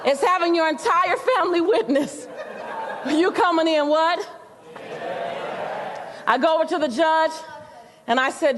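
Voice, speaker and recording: A woman giving an animated, humorous motivational keynote and speaking straight to the audience in a large hall. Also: extremely high pitch, a little slow, long pauses, a crowd in the background. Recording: long reverb of a large hall.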